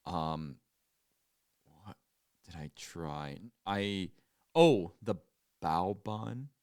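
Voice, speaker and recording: A man co-hosting a podcast, telling stories in casual chat with animated, jokey delivery and quick silly impressions. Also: clean tone, dry recording, clean studio sound. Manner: animated storytelling, bursts into silly high impressions. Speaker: podcast co-host.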